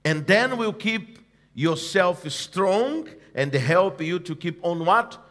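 A man preaching in a church service, his voice pitched high and swinging widely as he drives each point home. He takes it slow and deliberate, pausing to prompt the church to answer back. His phrasing is emphatic and repetitive, building line on line. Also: lively intonation, fairly bright tone. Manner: call-and-response preaching, prompting the congregation to repeat. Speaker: pastor. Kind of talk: sermon.

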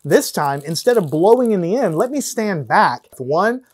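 A man's voice: sits high, sing-song, normal speed. A man teaching physics, explaining hands-on demonstrations step by step and counting down before each one. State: out of breath at times from blowing. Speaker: science teacher.

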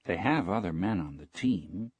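A man reading the lines of a caring young boy who helps an old fisherman, in a calm audiobook style. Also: low-pitched, moderate pace, breathy edge, dry recording, muffled recording, voice pushed up.

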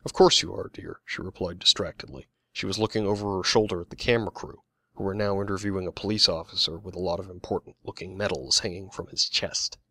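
A man reading his own novel aloud as an audiobook, in an even, measured storytelling voice. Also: sits low, no room sound. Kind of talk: audiobook narration.

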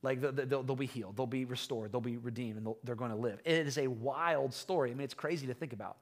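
A man preaching a conversational sermon as pastor, retelling a story in an animated way with frequent restarts. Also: medium pitch, fast.

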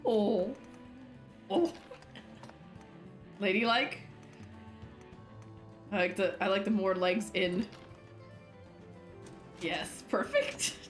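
A woman's voice: medium pitch, very slow, pauses often, faint music behind. A young woman streaming a game in casual chat, laughing constantly as she talks. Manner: giggly, laughs constantly while talking. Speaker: gaming streamer. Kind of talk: casual let's-play chat.

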